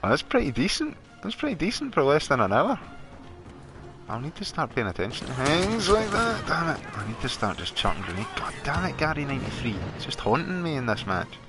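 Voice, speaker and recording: A Scottish man chatting casually with viewers while streaming a game from his warm bedroom, laughing often. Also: on the high side, big pitch swings, fairly quick, over music. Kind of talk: casual live gameplay chat.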